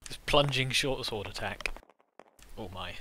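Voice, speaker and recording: A man playing a tabletop game, jokey and excitable. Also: medium pitch, a little slow, breathy edge, poor audio. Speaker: player. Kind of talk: casual tabletop play.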